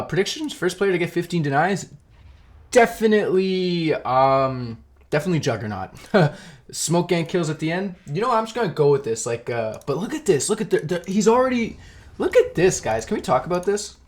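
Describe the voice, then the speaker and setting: A young man giving casual, rambling solo commentary on a match, eating while he talks and laughing at himself. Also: on the high side. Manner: rambling, self-deprecating, laughs often. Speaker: esports caster.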